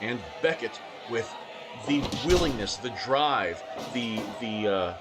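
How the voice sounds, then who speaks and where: A man calling wrestling matches play-by-play, breathless and scratchy-throated, with excited shouts and frequent restarts. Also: medium pitch, slow, music in the background, crowd noise. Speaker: wrestling commentator. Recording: loud background noise.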